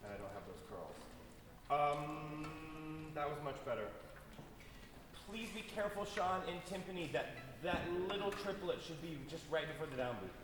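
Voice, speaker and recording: Energetic male conductor in an echoey hall. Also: fairly high pitch, moderate pace, far from the mic, noisy background. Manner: energetic, counts in and scats the phrases. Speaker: orchestra conductor. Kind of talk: rehearsal instruction. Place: concert hall stage. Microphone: distant room mic.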